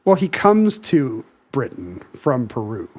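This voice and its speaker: A man's voice: mid-range voice, big pitch swings, slow, a little mellow. A man co-hosting a podcast in casual chat, joking and explaining at length. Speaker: podcast co-host.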